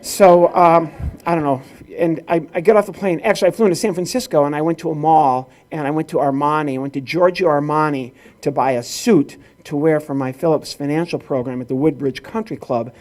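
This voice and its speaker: A man's voice: fairly high pitch, a little fast, hardly any pauses, darkish tone. A middle-aged man from the rural Midwest doing stand-up comedy at a corporate event, telling stories with acted-out dialogue. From rural Illinois, US Midwest.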